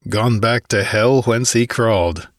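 Casting: narrator as a hearty barbarian chief, boastful, low voice, dry recording. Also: male voice, a little slow, dry recording, lightly acted. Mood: cheerful. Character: boisterous barbarian warrior chief, cheerful.

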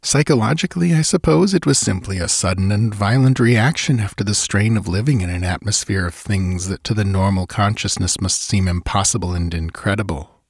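Husky low-voiced male storyteller. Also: fairly quick, dry recording, clean studio sound. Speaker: audiobook narrator. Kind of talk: scripted narration of a ghost story.

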